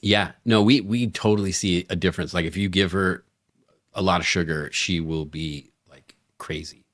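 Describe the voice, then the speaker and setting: A middle-aged man co-hosting a podcast, telling a story in a lively way and acting out the quoted voices. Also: low-pitched, normal speed, no echo. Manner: animated storyteller, acts out quoted lines. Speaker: podcast co-host. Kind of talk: casual storytelling chat.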